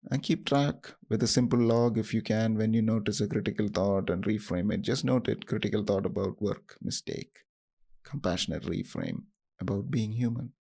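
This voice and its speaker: Guiding his listeners through self-compassion, this male podcast host uses a voice on the low side with vocal fry. His delivery is slow, gentle, and instructive, with pauses.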